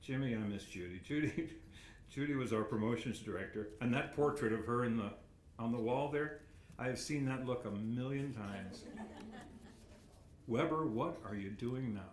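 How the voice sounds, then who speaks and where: An older man speaks into a podium microphone in a banquet hall, telling rambling, self-deprecating stories and chuckling at them. His voice sits at an ordinary middle pitch. The hall adds a clear echo and a faint murmur of room noise. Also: normal speed. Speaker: retired sportscaster giving an acceptance speech. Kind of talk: after-dinner acceptance speech.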